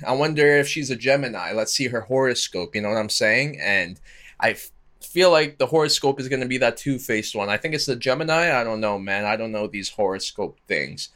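Host, male, bright forward tone, chatty slangy video commentary. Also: medium pitch. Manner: slangy, chatty, animated asides.

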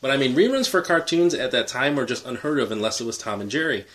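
A man's voice: medium pitch, animated, fast talker, fairly bright tone. A man co-hosting a casual podcast, looking back on growing up. He speaks in an easy, conversational way and often chuckles mid-sentence. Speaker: podcast co-host.

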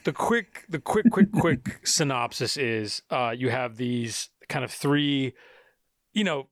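A man hosting a film chat show, talking in a loose, rambling way and stopping often to restart his sentences. His voice sits at an ordinary middle pitch. The sound is dry and close, with no room echo. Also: a bit bright. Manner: rambling, full of restarts and "you know". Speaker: podcast host. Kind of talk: casual film podcast chat.

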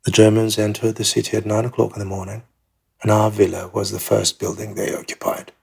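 A man reading a first-person memoir as an audiobook in a measured, plain storytelling manner. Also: on the low side, monotone, gravelly, husky. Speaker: memoir narrator.

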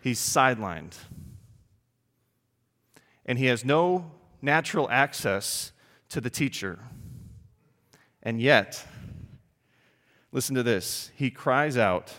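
A man's voice: medium pitch, takes it slowly, long pauses. Emphatic male preacher in a reverberant hall. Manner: animated, emphatic, asks the congregation questions. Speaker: pastor. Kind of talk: sermon.

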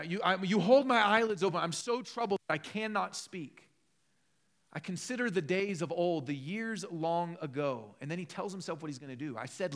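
A man preaching a sermon as pastor, passionate, swinging from loud emphatic peaks to low conversational asides.

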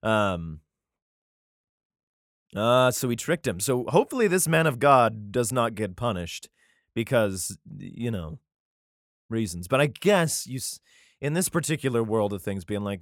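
A man's voice: fairly low pitch, animated, unhurried, no room sound, studio quality. A man reading scripture aloud and breaking off for irreverent, swearing comic commentary. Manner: irreverent, profane asides, frequent laughs. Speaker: reader.

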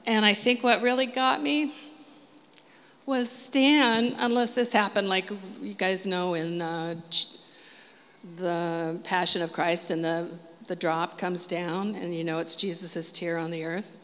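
Woman sharing her testimony, lively storytelling, laughs often, heard in a reverberant hall. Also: on the low side, a little slow. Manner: animated, laughs often, quotes Jesus and others in her telling. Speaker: testimony speaker. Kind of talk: personal testimony, casual storytelling.

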